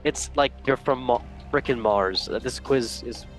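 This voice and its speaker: A man's voice: medium pitch, a little slow, faint music behind. A man hosting a football quiz on a casual podcast, playful and jokey, swearing and laughing often. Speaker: quiz host.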